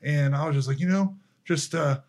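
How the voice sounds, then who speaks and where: A man's voice: on the high side, moderate pace. A young man casually telling a faith story, acting out the dialogue as he goes. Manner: animated storyteller, acts out dialogue, laughs easily. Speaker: podcast guest. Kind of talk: casual faith testimony chat.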